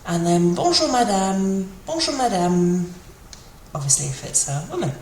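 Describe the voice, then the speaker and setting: A woman's voice: medium pitch, very animated, a little mellow. Chatty woman teaching basic French. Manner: chatty, with fillers, repeats example phrases slowly. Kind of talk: casual spoken language lesson. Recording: echoey room with faint ambient noise.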